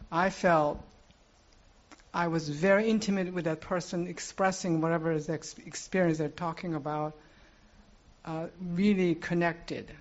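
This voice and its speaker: A man with a somewhat high voice shares earnestly in a group circle. He halts often and fills his pauses as he searches for words. The recording is muffled and lo-fi. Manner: earnest, halting, with many fillers. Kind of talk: personal sharing in a group.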